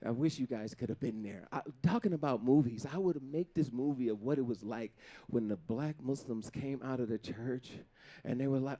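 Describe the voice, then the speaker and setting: A man doing live stand-up comedy on a stage before an audience, talking in an animated way, laughing between jokes and slipping into funny put-on voices. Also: medium pitch, moderate pace, hardly any pauses.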